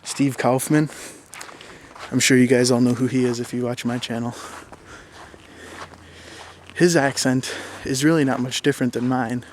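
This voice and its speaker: A young man with a Minnesotan accent, talking casually to his viewers in a relaxed, rambling way with plenty of fillers. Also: mid-range voice, normal speed, long pauses, slight background noise. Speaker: YouTuber. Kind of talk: casual talk to camera.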